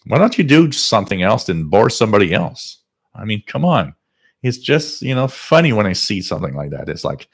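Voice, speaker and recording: A man's voice: fairly low pitch, sing-song, fairly quick, gravelly, husky. Fired-up man ranting on a live stream. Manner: ranting, emphatic, rises to near shouting. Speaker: host of a live shortwave radio stream. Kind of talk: live-stream talk and rant.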